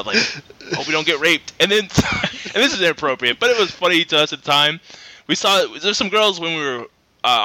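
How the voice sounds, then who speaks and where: A man's voice: on the high side, pushed and bright, no room sound. A man casually telling rambling stories among friends, laughing often and acting out what people said. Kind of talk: casual storytelling chat.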